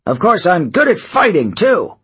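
A man putting on a gruff, stubborn satyr coach in an audiobook, pushing his voice up high and loud. The tone stays husky and defiant. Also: sing-song, moderate pace.

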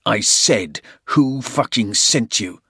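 A man's voice: low voice, measured pace, a bit bright, breathy edge, no echo, studio quality, full character voice. A man voicing a hard, menacing soldier who threatens a captive. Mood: furious. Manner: threatening, snarling, blunt.

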